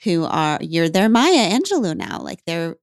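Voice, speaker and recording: A woman's voice: fairly low pitch, big pitch swings, a little slow, no room sound, clean studio sound. A woman co-hosting a podcast, speaking earnestly and emphatically to her guest. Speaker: podcast co-host. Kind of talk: heartfelt podcast conversation.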